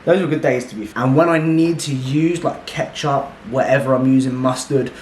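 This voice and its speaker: A man's voice: mid-range voice, fairly even intonation, a little fast, darkish tone, slight background noise. A young man from England, chatting bluntly and swearing while he cooks in a casual vlog. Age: young adult. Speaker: fitness vlogger. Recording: roomy sound with music behind.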